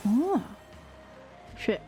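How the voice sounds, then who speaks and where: Slow-talking woman streamer. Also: warm tone, faint music behind. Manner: chatty, giggly, reads chat aloud. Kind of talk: casual live-stream chat while gaming.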